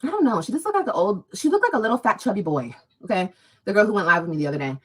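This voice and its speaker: A woman's voice: medium pitch, animated, rapid-fire, poor audio. A woman ranting on a livestream, confrontational, profane and mocking, speaking straight to her viewers. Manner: addresses viewers directly.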